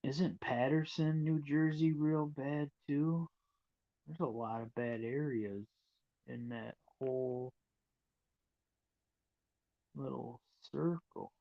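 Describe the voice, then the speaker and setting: Slow, musing man on a lo-fi stream. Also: medium pitch, fairly even intonation, gravelly. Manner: musing aloud, slow and wandering. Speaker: livestreamer. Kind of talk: casual chat while browsing a map.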